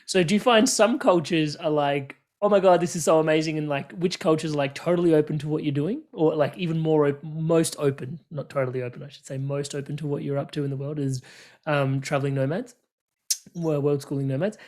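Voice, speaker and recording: A woman's voice: sits low, a little fast, a little mellow. A woman hosting an interview, asking long rambling questions that she keeps rephrasing, and laughing easily. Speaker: podcast host. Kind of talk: casual interview conversation.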